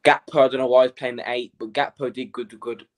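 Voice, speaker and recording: A man's voice: medium pitch, flat delivery, a little fast. A man in a casual football fan chat, thinking aloud, hesitant and trailing off as he picks players.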